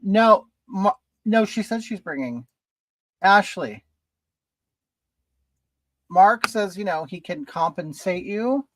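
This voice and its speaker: A man's voice: high voice, animated, slow, long pauses, noisy background. A man hosting a casual livestream from home while doing his makeup, chatting and greeting viewers by name. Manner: chatty, reads viewer comments aloud and greets them. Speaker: livestream host.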